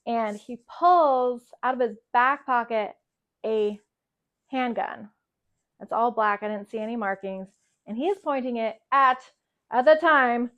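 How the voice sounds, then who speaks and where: Woman vlogger, young adult, slightly high voice, animated and blunt, storytelling to camera. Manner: animated, swears, many fillers. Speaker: travel storyteller. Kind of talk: casual storytelling.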